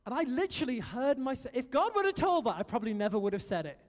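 A British man preaching a sermon, telling stories and urging his listeners on in an animated way. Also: very high-pitched, fast, in a large hall. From Britain. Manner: animated storytelling, exhorting the audience.

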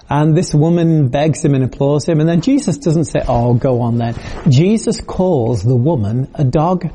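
A man's voice: a little high, moderate pace, few pauses, warm tone, a little hiss or hum. A man preaching a video sermon in a conversational, storytelling way, acting out quoted voices.

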